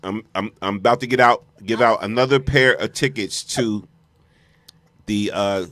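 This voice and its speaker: A man's voice: lowish voice, moderate pace, a bit bright. A man hosting a radio show, chatting casually and announcing a ticket giveaway. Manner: laid-back, chatty announcing.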